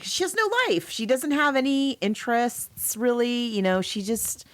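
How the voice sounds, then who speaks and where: Lively woman with an animated voice. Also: normal speed. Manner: animated, laughs often, mimics characters in a high voice. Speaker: podcast co-host. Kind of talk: casual chat.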